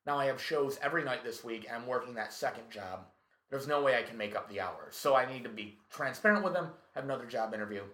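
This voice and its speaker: A male comedian telling a story in casual chat, profane and animated, acting out what people said. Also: medium pitch, fast. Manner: profane, animated, tells stories with acted quotes. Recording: echoey room.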